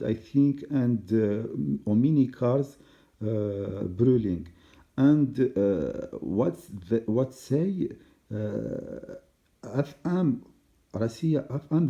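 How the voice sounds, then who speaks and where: A man giving a halting solo commentary in non-native English, full of fillers and restarts, on a dull lo-fi recording. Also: mid-range voice, creaky, dark tone. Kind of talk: hesitant solo monologue.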